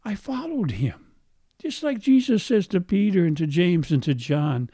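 A man's voice: high-pitched, big pitch swings, a little slow, mellow, no echo, studio quality. A middle-aged male pastor preaching a sermon. He has a faint brogue-like sound left from a speech impediment, repeats phrases for emphasis and asks his listeners questions.

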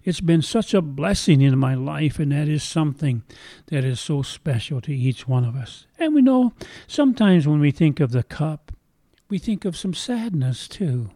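Older preacher with a husky, dark voice. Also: male voice, on the high side, big pitch swings, normal speed, no echo. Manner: earnest, emotional preaching with dramatic retelling. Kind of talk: sermon.

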